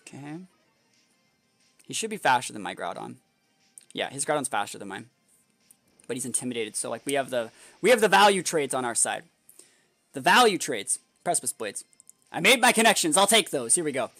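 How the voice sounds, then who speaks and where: A young man commenting on his own gameplay. He mutters strategy in a lively, up-and-down voice over faint background music. The dry, close sound has no room echo. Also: mid-range voice, a little fast, long pauses. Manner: analytical, muttering strategy to himself, then bursting into exasperated outbursts. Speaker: competitive game player and video creator. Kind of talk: thinking-aloud gameplay commentary.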